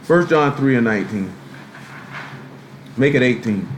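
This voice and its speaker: A man's voice: medium pitch, expressive, unhurried. A man preaching a live sermon in a loose, street-style way, full of rhetorical questions. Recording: echoey room, faint background noise, live stream.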